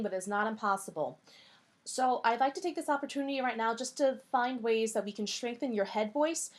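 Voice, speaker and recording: Patient woman coaching a singing lesson. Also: fairly high pitch. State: slightly scratchy voice. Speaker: voice teacher.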